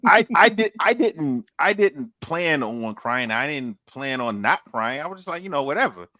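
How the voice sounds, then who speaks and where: A middle-aged man talking in a lively, swinging way, with a bright, sharp edge to his voice. He gives advice in loose casual chat and keeps repeating words. The sound is dry and close. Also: on the high side, moderate pace, no echo. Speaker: podcast co-host.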